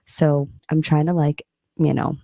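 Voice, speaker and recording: A co-host of a reaction show chatting casually, speaking softly to keep the voice down. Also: medium pitch, level tone, unhurried, creaky, no room sound, clean studio sound. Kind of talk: casual chat.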